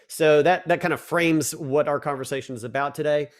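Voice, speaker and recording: Male podcast co-host, upbeat and joking, slightly high voice, casual chat. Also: a little fast.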